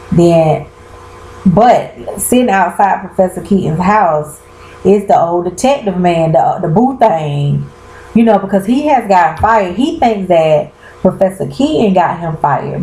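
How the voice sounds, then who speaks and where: A woman's voice: on the low side, dark tone, echoey room, a little hiss or hum, rough recording. A woman chatting casually to her viewers, calling them y'all and exclaiming as she recaps a TV episode. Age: 30s. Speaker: vlogger. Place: bedroom at home.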